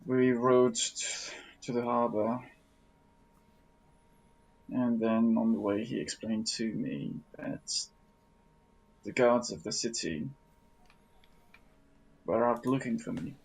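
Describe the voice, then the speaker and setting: Theodas, a man playing a gravelly exiled warrior. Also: medium pitch, a little mellow, heavily acted, poor audio. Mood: sombre. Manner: halting, earnest. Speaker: player. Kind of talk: in-character role-play.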